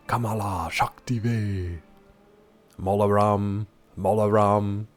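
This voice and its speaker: A man's voice: lowish voice, level tone, slow, soft background music. A man streaming a game live, chatting casually and teasing his chat as he answers them.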